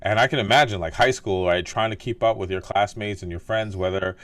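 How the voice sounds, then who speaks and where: Low-voiced host musing casually. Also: male voice, fairly quick, fairly bright tone, dry recording. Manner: thoughtful, heavy use of "like" and "right?". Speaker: podcast host, doctor. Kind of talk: casual interview chat.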